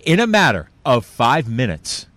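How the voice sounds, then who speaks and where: A male host holding an interview, sharing personal stories in an earnest, animated way. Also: mid-range voice, measured pace. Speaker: podcast host.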